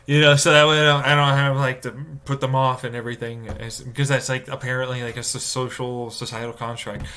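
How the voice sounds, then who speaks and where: A man live-streaming a casual rant, swearing and exasperated, mocking others with sudden high-pitched outbursts. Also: flat delivery, brisk, few pauses, pushed and bright, smooth.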